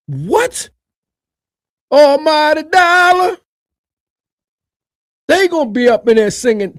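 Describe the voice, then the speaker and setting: A man giving animated reaction commentary on a video, colloquial, swinging from low mutters to loud high shouts. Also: no room sound.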